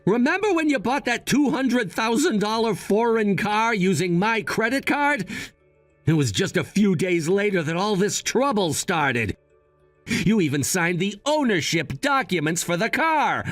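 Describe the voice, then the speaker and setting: A man's voice: sits high, big pitch swings, a little slow, fairly bright tone, no room sound, faint music behind, full character voice. A man voicing a young adult son who coolly and firmly lectures his mother. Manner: cool, firm, lecturing.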